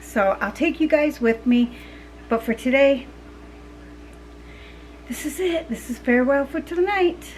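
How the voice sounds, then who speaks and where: A woman's voice: sits high, lively intonation, a little slow, pauses often, a little mellow, a little hiss or hum, rough recording. A middle-aged woman vlogger talking casually to her viewers, rambling with fillers and restarts. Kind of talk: casual chat to camera.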